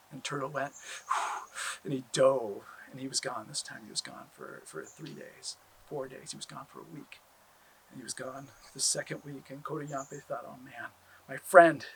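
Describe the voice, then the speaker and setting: A man telling a traditional story aloud, animated, with drawn-out repeated phrases. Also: mid-range voice, a little hiss or hum, rough recording. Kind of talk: oral storytelling.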